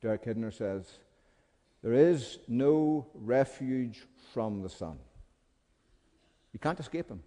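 A man preaching a sermon with passion, moving from hushed pleading to loud, urgent calls. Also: medium pitch, expressive, slow pace, pauses often. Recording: long hall reverb.

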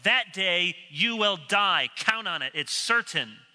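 Animated, bright-voiced preacher in a reverberant hall. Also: male voice, slow. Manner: animated, emphatic, drops low and quiet for quoted speech. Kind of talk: expository sermon. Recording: long reverb of a large hall.

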